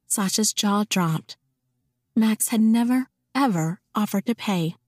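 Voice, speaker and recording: A woman's voice: medium pitch, slow, a little mellow, dry recording, clean studio sound. Woman narrating a romance audiobook. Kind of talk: scripted narration of a romance novel.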